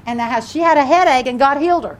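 A woman's voice: high-pitched, quick pace, slight background noise. Fervent older woman preaching a sermon. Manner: fervent, preaching with rising emphasis. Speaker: pastor.

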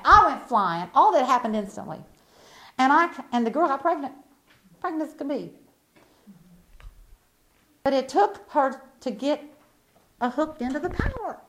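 A woman preaching a sermon, telling a folksy story that swings between loud emphatic bursts and hushed asides. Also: sits high.

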